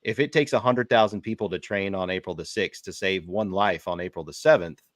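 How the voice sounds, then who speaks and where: A male podcast co-host with a lowish voice chats casually, rambling a little and restarting his sentences. The recording is dry and close. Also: brisk, no echo. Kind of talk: podcast conversation.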